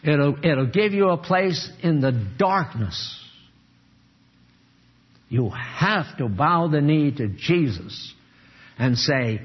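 Slow-preaching older man, lo-fi. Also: lively intonation, slightly rough. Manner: earnest, emphatic, swings between low grave tones and raised exhortation. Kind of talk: sermon.

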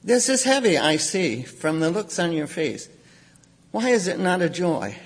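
A man preaching a sermon, animated, acting out quoted voices with sudden outbursts. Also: high-pitched, measured pace, slightly rough.

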